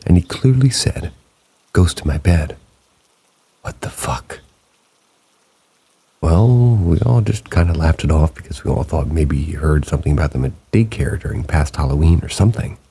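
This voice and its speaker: A man narrating submitted true ghost stories in a slow, hushed late-night storytelling manner. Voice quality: very deep gravelly voice. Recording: rain sounds behind the voice.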